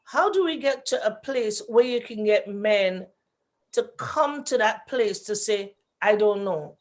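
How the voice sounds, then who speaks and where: Woman, radio talk guest, lively storyteller who plays every voice. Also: on the high side, a little slow. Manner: animated storytelling, acting out quoted voices. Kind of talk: radio talk show discussion.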